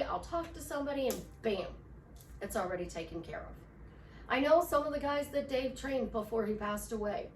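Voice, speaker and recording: A woman's voice: high voice, slight background noise. A woman life coach giving a casual motivational talk, chatty and storytelling, repeating affirmations. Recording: echoey room from far off.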